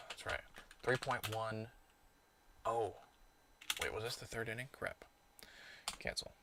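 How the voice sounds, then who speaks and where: A man's voice: fairly low pitch, slight background noise. A man hosting a livestream, reacting live to a baseball game and muttering to himself as he sorts video clips. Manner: excitable reactions, self-scolding mutters while sorting clips. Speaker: livestream host.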